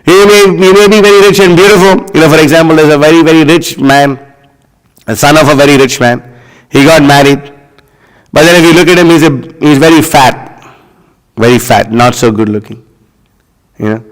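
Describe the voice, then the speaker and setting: A man giving a scripture class as a sermon, scornful and animated, leaning on lots of "you know" fillers. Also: fairly high pitch, normal speed, pauses often, long reverb tail, poor audio. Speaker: preacher.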